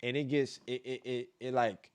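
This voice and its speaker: A man's voice: mid-range voice, flat delivery, moderate pace, a little mellow, smooth. A man giving blunt, profane live-stream commentary, repeating points for emphasis and vocalizing beat patterns aloud. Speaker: streamer reacting to dance battles.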